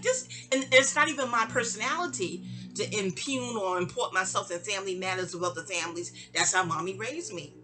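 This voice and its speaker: Animated middle-aged New woman storyteller. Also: a little fast, faint music behind. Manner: animated, digressive, acts out quoted voices with sharp pitch jumps. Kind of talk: rambling storytime monologue.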